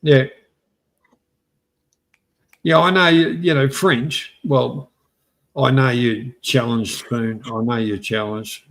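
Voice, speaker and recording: Australian host, slow halting delivery with lots of restarts, casual and sweary. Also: male voice, medium pitch, fairly even intonation, a bit bright. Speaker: stream host. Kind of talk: casual chat.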